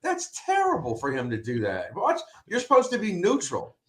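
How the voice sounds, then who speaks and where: A man's voice: high voice, huge pitch swings, normal speed, crowd noise. A man giving blunt, opinionated takes in a casual sports chat. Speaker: podcast co-host, analyst.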